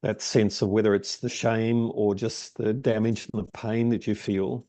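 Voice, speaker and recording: A man in a workshop group asking a question hesitantly, with many pauses and ums. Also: fairly low pitch, flat delivery, dark tone, no echo. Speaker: workshop participant.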